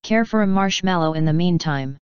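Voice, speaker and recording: A woman's voice: on the low side, fairly quick, smooth, no room sound, lo-fi sound, close to an everyday voice. A woman voicing a mischievous, snooty male chaos spirit in a storybook reading, with a sneering manner.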